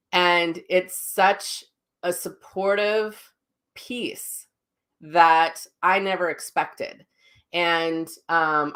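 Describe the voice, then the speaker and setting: A woman's voice: fairly low pitch, fairly bright tone. A middle-aged woman hosting her own show, talking casually and candidly, rambling with fillers and self-corrections. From Minnesota. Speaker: psychic medium host. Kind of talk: casual personal talk.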